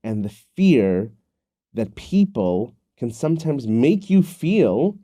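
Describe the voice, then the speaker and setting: A man's voice: medium pitch, sing-song, takes it slowly, warm tone, no echo, studio quality. A man hosting a podcast, telling a story and asking questions in an earnest, conversational way. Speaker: podcast host.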